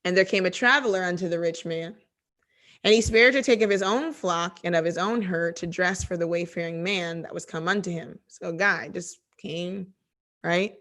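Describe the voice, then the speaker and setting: A woman teaching a conversational Bible study, reading scripture aloud and then explaining it with animated, chatty asides. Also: on the low side, moderate pace.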